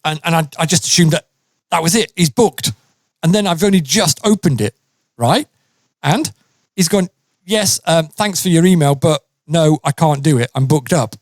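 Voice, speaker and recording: A man's voice: a little high, normal speed, dry recording, clean studio sound. A man casually telling a funny story on a podcast, acting out the people in it and laughing often. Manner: animated, lively, acts out quotes and laughs often.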